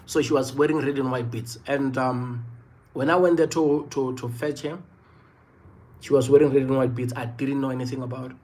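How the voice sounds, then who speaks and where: A South African man in his thirties tells a personal story on a livestream. His voice sits at an ordinary middle pitch. He speaks earnestly, circling back to repeat his points and leaning on "you know" fillers. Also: steady tone, normal speed, a little mellow. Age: 30s. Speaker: livestream host.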